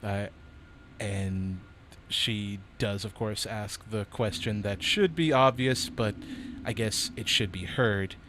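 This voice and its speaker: A man running a tabletop game as dungeon master, narrating in an animated, rambling way. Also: on the low side, slow pace, noisy background. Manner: rambling, animated, lots of fillers and laughs.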